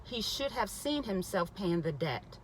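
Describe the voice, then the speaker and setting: A woman's voice: mid-range voice, very animated, unhurried, slightly rough, rough recording. A woman reading a spiritual self-help book aloud, often stopping to repeat passages and add emphatic comments of her own. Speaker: reader.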